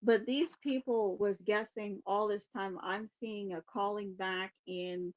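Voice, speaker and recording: Slow-talking woman host, lo-fi sound. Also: medium pitch, steady tone. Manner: laughs often, chatty and swears casually. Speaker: psychic podcast host. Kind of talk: casual livestream chat.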